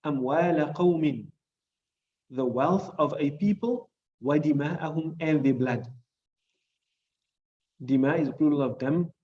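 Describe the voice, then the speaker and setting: A man's voice: on the high side, lively intonation, measured pace, pauses often, muffled recording. A man with a South African accent teaching a classroom lesson on hadith and Arabic grammar. He explains patiently, repeats the key points and keeps checking understanding with "right?". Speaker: Islamic studies teacher.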